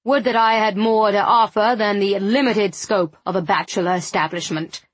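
A woman voicing a pompous middle-aged bachelor gentleman who speaks in a sententious way. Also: mid-range voice, fairly even intonation, moderate pace, husky, no echo, natural voice.

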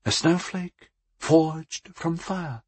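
A man voicing a thoughtful female goddess of fire who speaks in a soft, questioning way. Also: low voice, drawn-out words, slightly rough, dry recording, pitched above the performer's own voice, full character voice. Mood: musing.

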